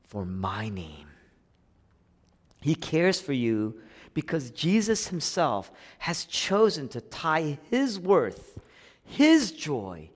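A man preaching a sermon as a pastor, swinging between hushed, intimate lines and rising, emphatic passages. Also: a little high. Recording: long hall reverb.

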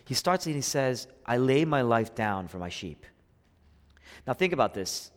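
A man preaching a sermon as a pastor, swinging between hushed, intimate lines and rising, emphatic passages. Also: mid-range voice, sing-song, unhurried. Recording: long hall reverb.

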